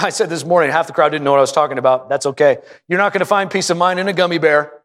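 Impassioned male pastor preaching in a reverberant hall. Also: fairly bright tone. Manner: impassioned preaching, rising to high emphatic peaks. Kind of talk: sermon. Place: church auditorium.

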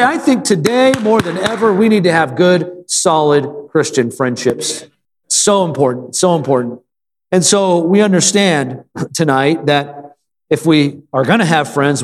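Male pastor, sermon delivery, somewhat high-pitched, church hall with long reverb. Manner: call-and-response preaching with frequent amens; repeats phrases for emphasis, some filler stumbles. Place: church sanctuary.

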